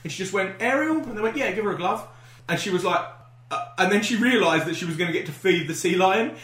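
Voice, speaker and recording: A man tells a rambling story at a quick clip, his voice bright and a touch high. He swears casually and keeps breaking into laughter. The room around him rings with echo. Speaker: podcast co-host. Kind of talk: casual banter. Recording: echoey room.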